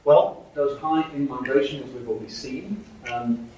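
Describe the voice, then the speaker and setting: A man's voice: medium pitch, animated, moderate pace, a little mellow, slight background noise. A man giving a university lecture, hesitant with frequent fillers and restarts. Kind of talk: academic lecture. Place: lecture hall. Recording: echoey hall from far off.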